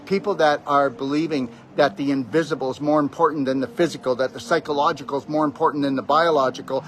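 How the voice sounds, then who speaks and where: A man's voice: a little high, steady tone, quick pace. Preachy man giving a rambling pep talk. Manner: preachy, emphatic, keeps addressing the listener directly. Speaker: natural health speaker. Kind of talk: rambling motivational monologue.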